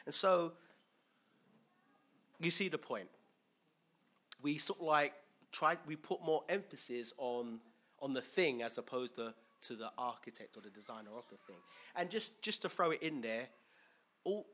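A preacher with a bright, ringing tone and a voice that sits a little high. He talks to his congregation in a loose, conversational way, quizzing them and chuckling as he goes. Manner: chatty, asks the crowd questions, chuckles often. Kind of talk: conversational sermon with questions to the congregation.

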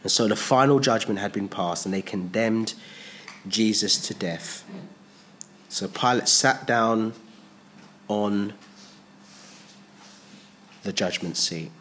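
A man teaching an expository sermon on a Bible passage. He voices the speakers in the text and rises and drops sharply in pitch and volume. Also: slow pace, pauses often, fairly bright tone, a little hiss or hum. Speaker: preacher.

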